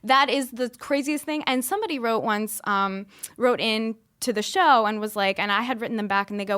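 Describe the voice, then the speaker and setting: A woman with a high-pitched voice hosts a casual podcast chat. She talks in a loose, chatty way, full of "like" and self-mocking asides. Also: fairly quick, a bit bright, clear, resonant tone. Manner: chatty, self-deprecating, lots of "like". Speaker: podcast host.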